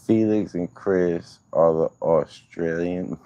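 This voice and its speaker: Deep, slow-talking man on a livestream. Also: fairly even intonation, dark tone, muffled recording, a little hiss or hum. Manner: loose, profane, rambling banter. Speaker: livestream host. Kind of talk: casual livestream chat reacting to viewers.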